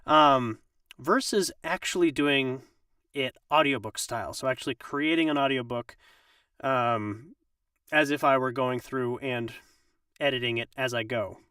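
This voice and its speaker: Male voice actor, slightly under the weather, casual tutorial, mid pitch, dry room. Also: measured pace, bright, forceful tone, clean tone, dry recording, recorded from a distance. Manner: rambling, with many ums and restarts. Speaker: voice actor and audiobook narrator. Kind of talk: casual live-stream tutorial.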